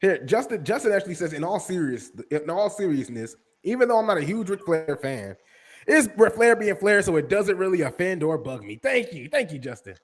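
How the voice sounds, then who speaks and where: A man's voice: sits high, fairly quick. A man co-hosting a live podcast in a casual, joking way, reading viewer comments aloud. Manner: animated, joking, reads chat comments aloud. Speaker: podcast co-host. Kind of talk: casual wrestling podcast chat.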